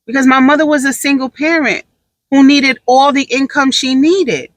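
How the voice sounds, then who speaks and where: A woman with a high voice and fairly even intonation speaks at a normal speed, giving her candid opinions as a podcast talker. She's brash, profane, and emphatic, repeats phrases for emphasis, and laughs easily. The recording is low quality, with no echo.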